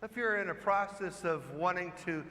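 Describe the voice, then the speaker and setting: Priest giving a homily, man with a high, bright voice, chatty storyteller, long echo of a church. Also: moderate pace. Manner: storytelling, conversational preaching with rhetorical questions. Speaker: parish priest. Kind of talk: sermon.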